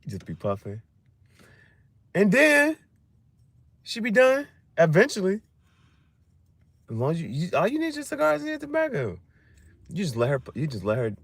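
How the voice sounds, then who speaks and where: A man's voice: high voice, wildly swooping pitch, moderate pace, long pauses, fairly bright tone, no room sound. A man talking in a loose, rambling chat, laughing often and swearing freely in slangy banter. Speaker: livestream host.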